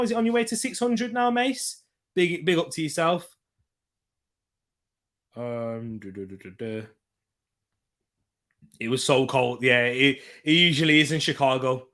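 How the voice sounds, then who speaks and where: A young man hosting a live football watchalong, jumping between excited match calls and quieter chatter with viewers. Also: a little high. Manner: excitable, switches between loud hype and quiet chat reading. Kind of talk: live match commentary and chat reading.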